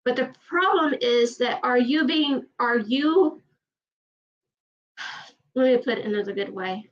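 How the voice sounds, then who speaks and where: High-voiced Southern woman ranting on a stream. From Georgia, USA. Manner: fast, emphatic, repeats herself. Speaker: livestream host. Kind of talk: casual chat. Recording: distant, dull livestream audio.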